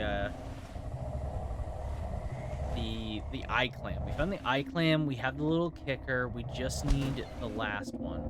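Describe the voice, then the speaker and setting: A man's voice: mid-range voice, very noisy. Tired man rambling through a game stream. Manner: rambling, thinking aloud with restarts. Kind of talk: live gameplay commentary.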